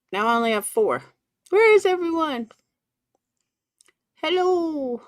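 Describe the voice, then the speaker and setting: A woman's voice: high-pitched, big pitch swings, takes it slowly, dry recording, studio quality. A woman hosting a casual live stream from her computer, chatting with viewers and greeting them by name. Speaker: livestream commentary host.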